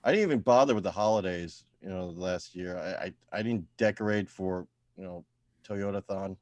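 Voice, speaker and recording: Deadpan man mumbling his stand-up set. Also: low voice, moderate pace, no echo. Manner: mumbling self-deprecating asides, trailing off quietly. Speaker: stand-up comedian at open mic. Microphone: video call.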